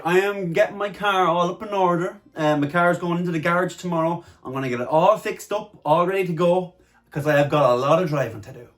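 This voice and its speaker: A young Irish man with an Irish accent, chatting excitedly to camera in a casual vlog. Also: high-pitched. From Ireland. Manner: excitable and chatty, often punching words loudly. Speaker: vlogger.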